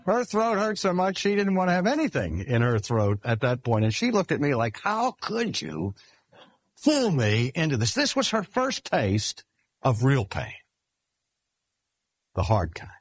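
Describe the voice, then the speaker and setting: An older man preaching a sermon in a measured, emphatic way, slowing down to stress key phrases. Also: medium pitch, wildly swooping pitch, no echo. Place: speaking at a cancer hospital.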